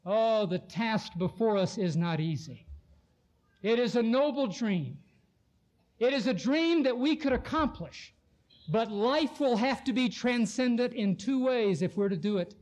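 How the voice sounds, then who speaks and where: A man preaching in a strikingly high voice, full of oratorical fire. He builds his sermon with passion and slows right down on the lines he wants to land, pressing each point home. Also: lively intonation, darkish tone. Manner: impassioned oratorical delivery.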